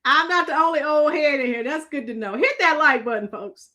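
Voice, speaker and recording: A woman's voice: high-pitched, lively intonation, a little fast, bright, forceful tone. A middle-aged woman from Florida hosts a live stream in casual chat, rambling and answering viewers' comments by name.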